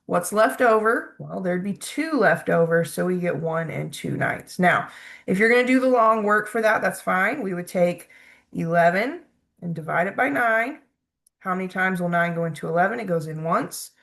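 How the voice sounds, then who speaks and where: A woman's voice: fairly low pitch, lively intonation, moderate pace, creaky, a bit bright. A woman math instructor patiently talking through problems step by step, checking in with "okay?" as she goes. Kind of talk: recorded math lecture.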